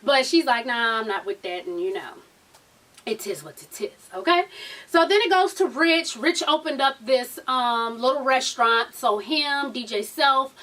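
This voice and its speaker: A woman's voice: sits high, expressive, a little slow, bright, forceful tone, far from the mic. A woman with a Southern US accent recapping a reality TV episode in a blunt, profane, sassy manner. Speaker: TV recap vlogger.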